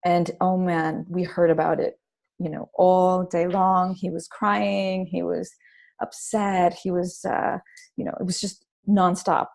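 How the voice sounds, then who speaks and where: Brief: female parenting author guest, warm mellow tone, chatty storyteller, lots of restarts. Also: fairly low pitch, unhurried, creaky. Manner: animated storytelling with many restarts and fillers. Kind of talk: casual interview conversation.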